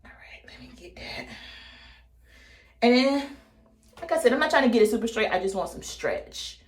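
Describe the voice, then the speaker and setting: Talking straight to her viewers as "baby" and "y'all," this US woman in her 30s jokes around while doing her hair on camera. Her voice sits fairly high, animated and at normal speed, and the room gives it an echo.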